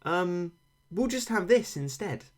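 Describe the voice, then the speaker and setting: A man's voice: high-pitched, lively intonation, slow pace. A man chatting casually with stream viewers, wry and rambling, with dry self-mocking humour, close on a desk microphone. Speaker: game streamer. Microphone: failing desk microphone tilted toward him. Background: faint game sound.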